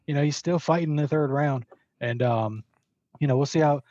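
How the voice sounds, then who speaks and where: A man calls into a casual podcast with a slightly high voice and makes his fight picks. He swears freely and keeps changing his mind. His audio is dull and completely dry. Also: a little fast, mellow, dry recording. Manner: chummy, swears freely, second-guesses himself. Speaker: podcast co-host.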